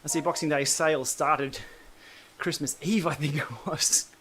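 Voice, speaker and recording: A man's voice: a little high, steady tone, unhurried, a bit bright, a little hiss or hum. An Australian man hosting a casual cycling livestream, chatting and answering viewer comments while he pedals on an indoor trainer. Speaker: cycling channel host.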